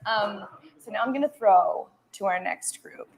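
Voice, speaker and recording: Woman livestream host, middling pitch, rambling and chatty. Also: unhurried, gravelly, a little hiss or hum, rough recording. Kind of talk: casual livestream introduction.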